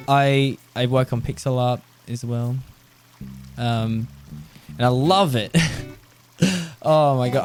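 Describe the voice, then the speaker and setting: Man, game streamer, rambling casual chat, average pitch, music playing behind. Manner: rambling, chatty, laughs often. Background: background music.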